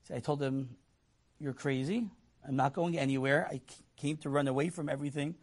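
Telling an inspirational story to a crowd, a man brings the people he quotes to life with animated impressions and laughs as he goes. He speaks briskly at a fairly high pitch.

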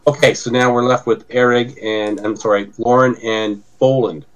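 A man's voice: medium pitch, steady tone, normal speed, low-quality recording. A man acting as game master of a tabletop game, narrating in an easygoing way and thinking aloud as he goes.

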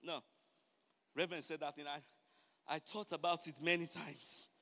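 A man preaching a sermon, building from quiet explanation to shouted, repeated refrains. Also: level tone, normal speed. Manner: builds from low talk to shouted climaxes, repeats phrases. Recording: long hall reverb.

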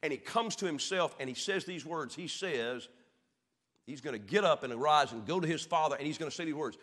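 A man with a Southern American accent preaching a sermon as pastor, swinging from shouted peaks down to low, quiet lines. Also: animated, brisk. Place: church sanctuary. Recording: echoey church hall.

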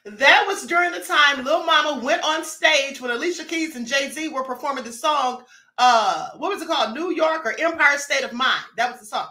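A woman hosting a chatty livestream, with a high voice and a bright, forceful tone. She greets her viewers by name as she talks, and the sound rings in an echoey room. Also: moderate pace. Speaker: livestream host. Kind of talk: casual livestream commentary.

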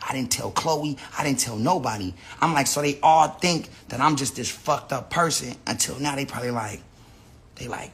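A man's voice: medium pitch, normal speed, a bit bright. A man ranting unscripted to his viewers, profane and rambling, often restarting his sentences. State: says he is high. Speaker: person telling his side of a story.

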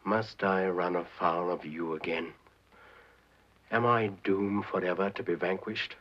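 A pompous, scheming Devil speaks in grand, flowery phrases with a low, husky voice. The sound is the muffled, narrow band of a 1940s film soundtrack. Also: male voice, fairly even intonation, unhurried. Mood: indignant. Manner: florid, grandiloquent phrasing, wheedling. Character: pompous, scheming male Devil, proud and florid.

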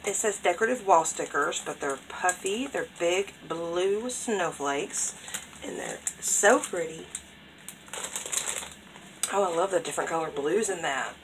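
Slow, gravelly woman gushing over crafts. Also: on the low side, background noise. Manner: gushing, gasping with delight at each item. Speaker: craft vlogger opening mail. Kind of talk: casual unboxing chat. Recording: crinkling packaging and clicks over the voice.

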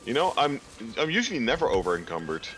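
A man's voice: medium pitch, big pitch swings, quick pace, a bit bright, soft background music. A man, playing a game and teasing his co-streamer in dry banter. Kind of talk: casual gameplay chat.

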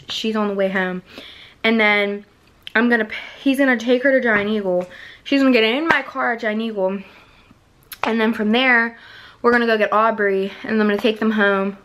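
Excitable young woman vlogging. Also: on the high side, slight background noise. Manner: excitable, swears freely, slangy. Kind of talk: casual vlog chat.

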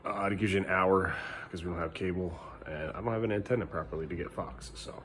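A man's voice: fairly even intonation, fast talker, a bit bright, slight background noise. A middle-aged man filming a casual family vlog at home, talking to the camera and firmly scolding his young sons. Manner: scolding his kids, often rising to a higher firm voice. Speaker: father and vlogger. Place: at home indoors.

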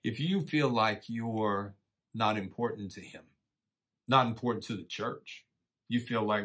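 A middle-aged man teaching a church lesson in a relaxed, folksy way, encouraging listeners and often saying "man" and "you know.". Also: mid-range voice, unhurried. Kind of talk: casual conversational sermon.

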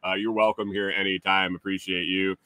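A middle-aged man hosting a casual live stream, reading chat comments aloud and teasing viewers with chuckles and halting restarts. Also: deep voice, little pitch movement, pushed and bright, dry recording.

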